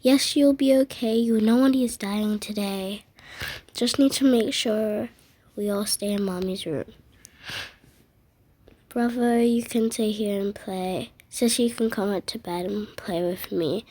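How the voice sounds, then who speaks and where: A woman voicing a worried mother of several kids in a toy role-play, speaking softly and reassuringly. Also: medium pitch, steady tone, a little slow, natural voice. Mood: soothing. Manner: soft, hushed reassurance.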